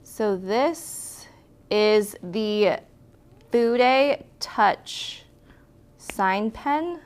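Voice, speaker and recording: A woman teaching lettering leads a casual, hands-on tutorial, chatting and encouraging as she narrates each step of her demonstration and corrects herself along the way. Her medium-pitched voice is animated, clear, and resonant, and she draws out her words.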